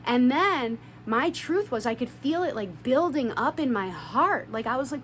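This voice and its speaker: A woman vlogger recounts a confrontation in a heartfelt, earnest monologue, her voice sitting a little high. She leans on spiritual self-help phrasing and swears for emphasis. A faint hum sits under the recording. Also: expressive, normal speed, fairly bright tone. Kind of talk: emotional storytime monologue.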